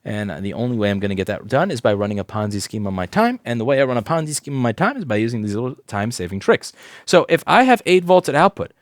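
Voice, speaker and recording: A man's voice: medium pitch, big pitch swings, fast, no room sound, studio quality. A man working as a repair technician who gives a hands-on repair tutorial in a blunt, profane, explanatory way at a repair shop workbench.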